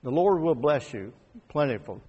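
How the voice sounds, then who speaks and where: A man preaching a conversational sermon. He rises to emphatic peaks and drops to quiet asides. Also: medium pitch, animated, normal speed, slightly rough, lo-fi sound. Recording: long hall reverb.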